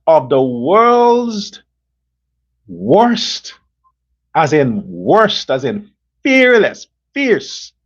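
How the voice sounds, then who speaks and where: A Guyanese man hosts his own show, offering blunt, opinionated political commentary and acting out imagined phone calls between leaders in an animated way. His voice sits high, and the recording is muffled.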